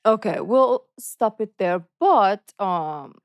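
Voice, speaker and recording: A woman from the Philippines hosts a reaction video and thinks out loud in a slow, unhurried way. Her voice is mid-pitched and recorded dry and close, and she talks herself in circles with playful indecision. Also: expressive, no room sound. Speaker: reaction channel host. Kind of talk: casual reaction commentary.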